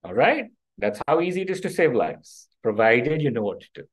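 A man's voice: medium pitch, big pitch swings, fairly quick, rough recording. A middle-aged man, a doctor giving an interactive first-aid workshop who keeps checking in with his audience. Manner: checks in with the audience, asking "okay?" and "right?". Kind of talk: interactive health workshop talk.

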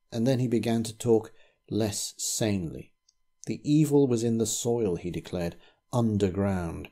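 A man reading a ghost story aloud in a measured, grave storytelling manner. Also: lowish voice, warm tone. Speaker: narrator.

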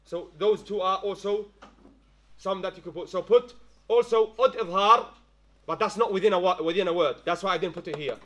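A man's voice: high-pitched, normal speed, fairly bright tone. A male tajweed teacher giving a classroom lesson, quizzing students with frequent checks and mixing in Arabic phrases. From London-based.

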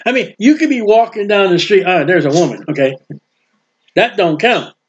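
A man preaching a sermon with emphasis, swinging between loud proclaiming and quiet asides. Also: high-pitched, muffled recording.

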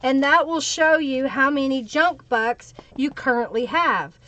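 A woman's voice: sits high, expressive, moderate pace, hardly any pauses, fairly bright tone. A woman hosting a live craft stream, chatting and thinking aloud while she works and greeting viewers by name. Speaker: craft livestream host. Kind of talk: live crafting tutorial with chat shout-outs.

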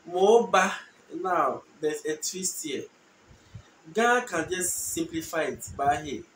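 A man giving a casual language lesson, repeating short phrases slowly so learners can follow. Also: a little high, expressive, fairly bright tone. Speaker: language teacher. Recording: echoey room, distant mic, faint noise.

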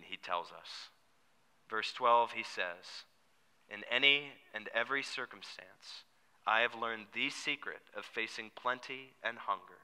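A man preaching a sermon as pastor, earnest, often dropping to a soft hushed voice for emphasis. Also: medium pitch, smooth. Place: church sanctuary. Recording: reverberant church hall.

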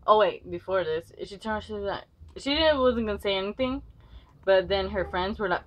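A woman's voice: fairly low pitch, animated, moderate pace. A woman vlogger telling a school story casually, rambling with many fillers and free swearing. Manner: rambling, lots of "like", swears freely. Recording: slightly dull with faint noise.

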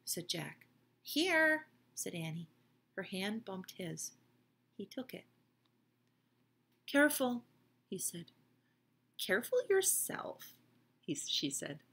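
A woman reading a children's book aloud in a gentle, expressive way. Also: on the low side, a little slow, gravelly. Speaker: storyteller.

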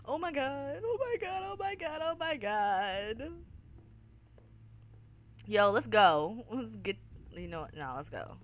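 A woman's voice: on the high side, sing-song, slow, long pauses. A woman hosting a horror game let's-play, swearing and crying out in fright while talking to her viewers. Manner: jumpy, swearing, loud frightened outbursts; talks to viewers as y'all. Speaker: gaming video host.

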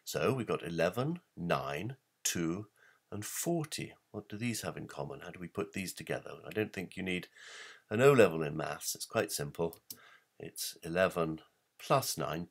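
A man's voice: low-pitched, expressive, normal speed, vocal fry, breathy edge. A man giving an explanatory talk, emphatic, posing rhetorical questions and reading verse aloud. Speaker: presenter.

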